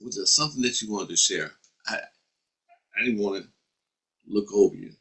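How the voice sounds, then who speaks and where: A man's voice: on the low side, moderate pace, a bit bright. A man hosting a live session, upbeat and encouraging, laughing as he talks with the audience. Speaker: host.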